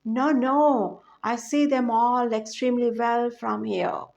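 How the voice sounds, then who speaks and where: A woman's voice: fairly high pitch, steady tone, slow, vocal fry, a little mellow, muffled recording. A woman voicing a terrified, timid old male dentist with a nervous, shrieking manner in a poem recitation. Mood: panicked.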